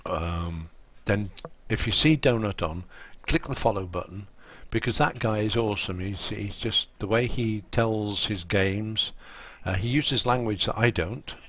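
A man's voice: lowish voice, a little slow, hardly any pauses, fairly bright tone, slight background noise. A man chatting casually and rambling while he plays a game on a live stream. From England. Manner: rambling, full of ums and restarts.

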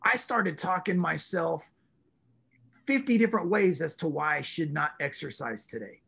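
A man's voice: on the high side, animated, moderate pace, vocal fry, fairly bright tone, slightly rough. A man in his forties, a guest in a casual interview, telling his story with animation and acting out his own inner voice. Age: 40s.

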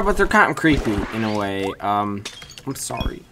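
A woman giving excitable gameplay commentary, chattering at the game and breaking into sudden yelps. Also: a bass voice, normal speed, background noise. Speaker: gaming channel host. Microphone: USB desk microphone.

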